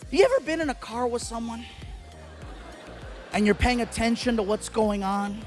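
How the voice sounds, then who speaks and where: Male stand-up comedian, high voice, animated, loud bursts, faint music. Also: moderate pace.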